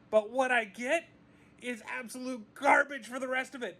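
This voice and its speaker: Man, movie vlogger, high voice, profane exasperated rant. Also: fairly even intonation, normal speed, sharp tone. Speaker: movie reviewer. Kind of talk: casual video review.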